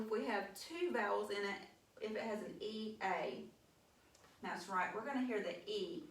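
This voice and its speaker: A woman teaching a phonics lesson, sounding out letters in a slow, encouraging way. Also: a little high. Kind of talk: mock phonics lesson to an imagined class. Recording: echoey room, voice from a distance.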